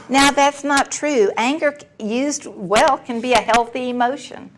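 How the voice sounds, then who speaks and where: A woman's voice: on the high side, unhurried, hardly any pauses, fairly bright tone, a little hiss or hum, poor audio. A woman, giving a candid personal recovery share with a wry, storytelling manner. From Texas. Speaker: recovery meeting speaker.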